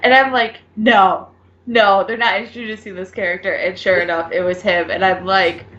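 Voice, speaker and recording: Young woman co-host, relaxed chatter with lots of "like", roomy muffled audio. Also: medium pitch, normal speed. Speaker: co-host of a drama discussion channel. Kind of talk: casual chat.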